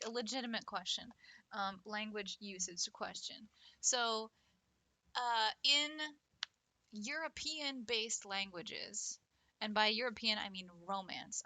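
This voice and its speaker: A woman's voice: medium pitch, pushed and bright, dry recording. A woman chatting casually with her stream chat while drawing. She laughs often and talks with lots of fillers. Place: home setup at a computer.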